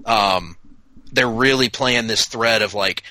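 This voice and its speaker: A man co-hosting a casual TV recap chat, talking enthusiastically in quick bursts with frequent restarts. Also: on the low side, pushed and bright, no room sound, rough recording. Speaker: podcast co-host.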